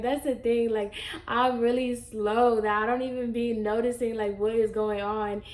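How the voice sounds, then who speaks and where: A woman's voice: on the high side, slight background noise. Sassy young woman telling a story. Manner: animated, sassy retelling with frequent fillers. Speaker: vlogger. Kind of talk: casual storytime. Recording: echoey room.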